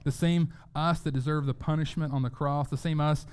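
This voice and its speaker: Male pastor, sermon delivery, smooth resonant voice, earnest, repeats words for emphasis. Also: on the high side, fairly even intonation, brisk, darkish tone. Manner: earnest, repeats words when stressing a point.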